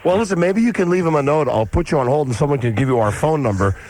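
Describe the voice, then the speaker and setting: A man's voice: a little high, animated, quick pace, darkish tone. A man with an American accent hosting a comedy radio show, teasing and joking. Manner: wisecracking, teasing.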